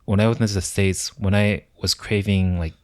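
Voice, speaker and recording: A calm, measured man from South Korea co-hosts a relaxed podcast, asking questions as he talks. His voice is very deep, and the recording is close and dry. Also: dry recording. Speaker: podcast co-host. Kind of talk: casual chat.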